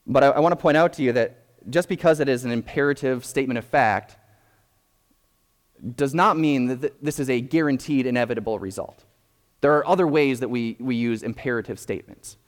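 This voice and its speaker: A young adult man gives a sermon in a hall, and his mid-pitched voice trails off into a long reverb. He explains patiently and carefully, often restarting his sentences as he thinks aloud. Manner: measured, explanatory, with frequent restarts. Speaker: pastor.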